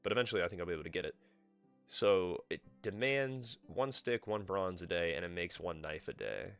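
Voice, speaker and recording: A man's voice: deep voice, lively intonation, fairly quick, creaky, a bit bright, clear, resonant tone, faint music behind. A man live-streaming a game, chatting casually with himself and swearing freely as he plays. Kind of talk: casual gameplay commentary.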